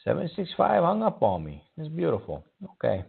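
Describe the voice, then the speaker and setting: A man's voice: on the high side, huge pitch swings, fairly quick, creaky, few pauses, breathy edge. A man hosting a call-in show who stammers and gets riled easily. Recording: tinny phone-like sound.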